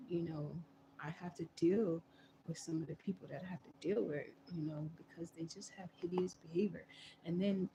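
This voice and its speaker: Woman on a livestream, gravelly voice, earnest and kinda repetitive, faint hiss behind. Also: on the low side. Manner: earnest, repetitive, loops back on phrases. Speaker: livestream host. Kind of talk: casual religious monologue.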